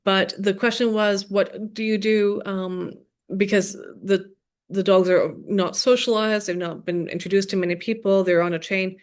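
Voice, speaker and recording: A woman's voice: mid-range voice, fairly even intonation, normal speed. A woman giving a dog training workshop, explaining steps in an upbeat, demonstrative way, recorded at her computer.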